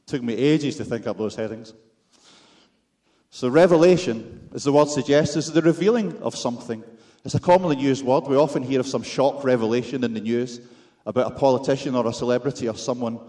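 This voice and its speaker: A man's voice: mid-range voice, a little fast, mellow. A man with a Scottish accent preaching a sermon, with wry, self-deprecating humor and rhetorical questions to the congregation.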